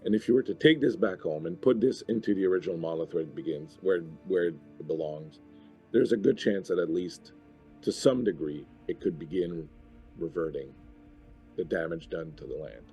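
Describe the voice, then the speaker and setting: Man, game master, low dark voice, husky and hoarse, slow measured narration. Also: soft background music. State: hoarse, losing his voice. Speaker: dungeon master.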